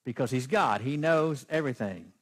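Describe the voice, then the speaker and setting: Husky preacher. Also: male voice, mid-range voice, lively intonation, moderate pace. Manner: emphatic, questions the congregation. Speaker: pastor. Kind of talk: sermon.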